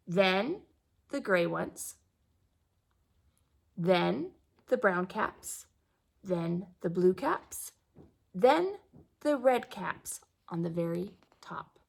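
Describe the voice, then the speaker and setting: A woman preschool teacher reading a picture book aloud to young children, expressive and asking them questions along the way. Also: lowish voice, extremely slow, creaky, pauses often, husky.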